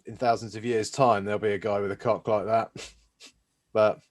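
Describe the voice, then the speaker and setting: A man's voice: fairly low pitch, level tone, moderate pace. A man, co-hosting a casual podcast with dry, teasing banter. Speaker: podcast co-host. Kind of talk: casual chat.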